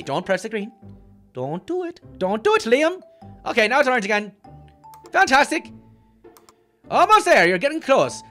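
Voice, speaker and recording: A clumsy, hot-tempered cartoon leprechaun with a lilt, acted out by a man, bragging and grumbling as he plays a game. His pitch swings wildly from low mutters to high squeals. Faint music plays behind him. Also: fairly bright tone. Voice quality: boastful, bouncy, quick to get annoyed. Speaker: let's-play host. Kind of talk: cartoon character game commentary.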